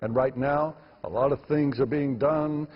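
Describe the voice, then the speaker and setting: A man's voice: medium pitch, steady tone, unhurried, breathy edge, in a large hall, lo-fi sound. A man, a filmmaker guest, answering interview questions emphatically and repeating words for stress.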